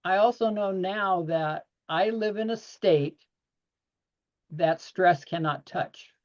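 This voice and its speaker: A man speaking as a guest on a panel discussion over a video call, earnest and expansive, laughing often as he talks. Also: sits high. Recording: dull lo-fi audio.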